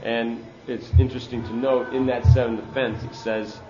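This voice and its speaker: A man's voice: medium pitch, little pitch movement, normal speed, reverberant, lo-fi sound, music in the background. Man giving an emphatic scripture lecture. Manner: earnest, emphatic teaching with Sanskrit terms. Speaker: speaker giving a scripture class. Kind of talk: sermon on scripture.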